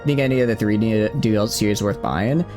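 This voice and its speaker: Low-voiced Southern man chatting while gaming. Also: fairly quick, music in the background. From Southeastern United States. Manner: rambling, self-correcting, answering chat. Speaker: streamer. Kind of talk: casual chat while playing a strategy game.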